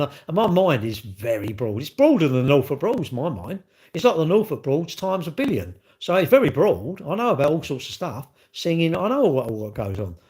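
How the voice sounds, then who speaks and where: Man, casual live chat, rambling, defensive, repeats himself. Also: fairly high pitch. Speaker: livestreamer.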